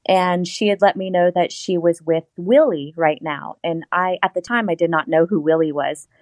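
A woman's voice: fairly low pitch, moderate pace, dry recording. A woman guest telling a personal story in casual interview talk, acting out the voices she quotes.

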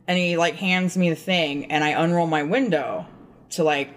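A woman's voice: fairly low pitch, moderate pace. A woman co-hosting a podcast, telling a rambling, profane story in casual chat. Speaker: podcast co-host.

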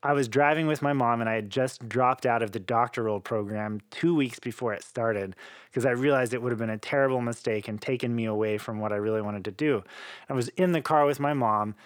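A man, a cellist, telling his story in a casual interview with animated, laughing delivery. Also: mid-range voice, brisk, dry recording.

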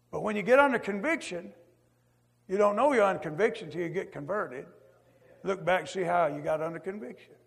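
Gravelly, high-voiced preacher in a hall. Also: male voice, fairly quick. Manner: swings from loud to hushed, with "amen" asides. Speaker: preacher giving testimony. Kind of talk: testimony sermon. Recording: echoey hall.

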